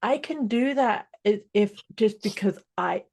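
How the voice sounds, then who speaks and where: A woman's voice: medium pitch, expressive, a little slow, creaky, darkish tone, breathy edge. A woman with a Scottish accent, a life coach chatting casually and telling stories on a podcast. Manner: chatty, laughs easily, storytelling.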